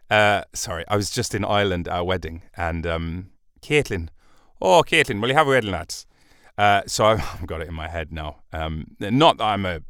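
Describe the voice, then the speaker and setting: A man's voice: fairly low pitch, fairly bright tone, clear, resonant tone, no echo, studio quality. A man hosting a comedy podcast, rambling through a solo monologue, cutting himself off and swearing as he goes. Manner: meandering, self-interrupting, sweary. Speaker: podcast host.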